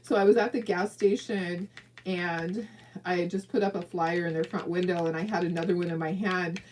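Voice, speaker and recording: A woman's voice: on the low side, fairly even intonation, normal speed, a little mellow, a little hiss or hum, rough recording. A woman from southern California hosting a casual crafting livestream, chatty and encouraging, talking straight to viewers and laughing often. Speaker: craft video host.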